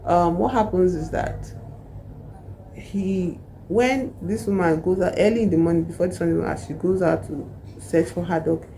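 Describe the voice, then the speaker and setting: A woman's voice: fairly low pitch, normal speed, dark tone, a little hiss or hum, rough recording. A woman, casually retelling a novel's plot in a rambling way full of asides. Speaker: book reviewer.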